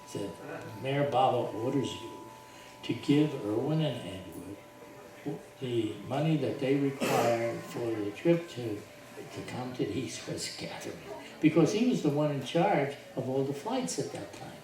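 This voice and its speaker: An older man telling a story to a group, slowly and with lively voiced quotes. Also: medium pitch. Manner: slow, animated retelling with voiced quotes and laughs. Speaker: speaker telling his life story to a group. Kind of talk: storytelling talk. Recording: echoey hall from far off, audible noise.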